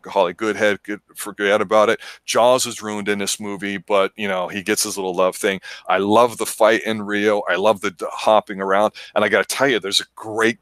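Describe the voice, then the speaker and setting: Low, bright-voiced enthusiastic male film reviewer. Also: no room sound. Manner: enthusiastic, rambling, does quick voice impressions. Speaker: movie review show co-host. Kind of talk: casual film review chat.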